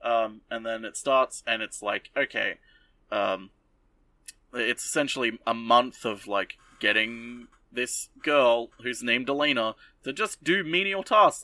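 A man's voice: mid-range voice, bright, forceful tone, dry recording, distant mic. Brief: male podcast host, casual, sarcastic, rambling recap. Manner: rambling, sarcastic, lots of fillers.

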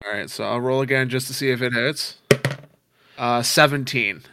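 A man playing in a casual tabletop game, quick and correcting himself. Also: medium pitch, noisy background. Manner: fast, self-correcting. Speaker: player.

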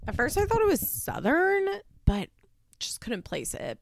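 Chatty woman with a gravelly edge. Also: a little high, huge pitch swings, unhurried, no echo. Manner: chatty, swearing, frequent "like" fillers and laughs. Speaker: podcast host recapping a reality show. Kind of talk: casual chat. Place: at home.

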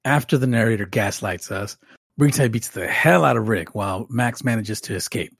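A man's voice: lowish voice, lively intonation, normal speed, creaky, a bit bright, breathy edge, no room sound, clean studio sound. A man co-hosting a podcast, reading a recap aloud with wry joking asides. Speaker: podcast co-host.

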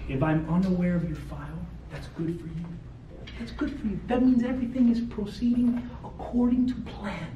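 A male lawyer giving a blunt, animated seminar talk to an audience of realtors, peppered with "okay" and "right". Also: extremely high pitch, highs cut off. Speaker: real estate lawyer. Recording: roomy, distant mic with faint ambient noise.

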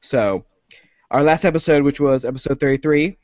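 A man co-hosting a casual home podcast, a touch higher than most men. He rambles through his points with self-deprecating jokes. The recording is dry and a little dull. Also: moderate pace, a little mellow, dry recording. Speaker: podcast co-host.

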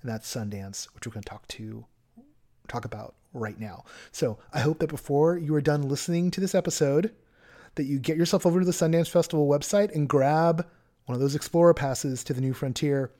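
A man's voice: fairly high pitch, fairly quick, dark tone. A man hosting a podcast interview in a chatty, casual way, laughing often and filling his speech with "like" and "um". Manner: chatty, laughs often, lots of filler words. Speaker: podcast host.

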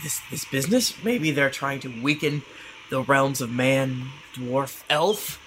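A man's voice: medium pitch, a little slow, fairly bright tone, slight background noise, rough recording. A man playing a tabletop role-playing game, joking, often laughing and stammering as he talks in character. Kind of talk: casual in-character game chat.

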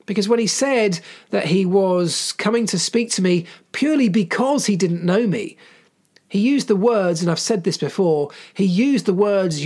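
A man's voice: high-pitched, normal speed, a little mellow. A middle-aged man, a former mechanic, telling a personal story in an earnest, emphatic way and repeating phrases for weight. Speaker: former Formula One mechanic.

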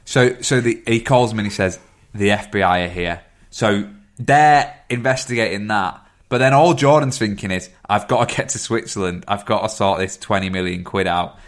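A man's voice: on the low side, moderate pace, hardly any pauses. A man in a casual film chat, recapping the plot thoughtfully with many fillers.

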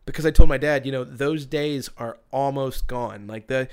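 A man's voice: mid-range voice, normal speed, clean tone. A man on a podcast telling a story in casual chat, rambling with many restarts and bursts of laughter.

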